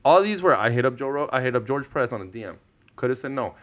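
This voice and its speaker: Animated slangy storyteller, man. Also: medium pitch, fast talker. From Mexican-American, Southern California. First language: Spanish. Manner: animated storyteller, slangy, swears, acts out quotes. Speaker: podcast guest. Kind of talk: casual podcast storytelling.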